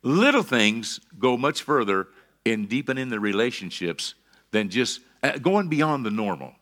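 Animated, bright-voiced preacher man. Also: mid-range voice, a little slow. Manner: preacherly, rising to emphatic calls of amen. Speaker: pastor. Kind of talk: sermon.

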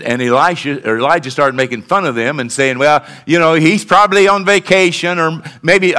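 A man's voice: fairly high pitch, sharp tone. A man preaching a sermon as pastor, in a conversational style that rises to emphatic declarations, speaking in a church.

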